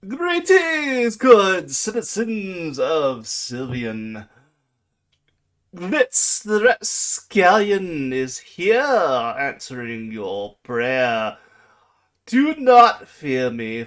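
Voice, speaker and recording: A man voicing a flamboyant, pompous male bronze dragon who speaks in a booming voice. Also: very animated, very slow, a bit bright, heavily acted. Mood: grandiose. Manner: pompous and theatrical.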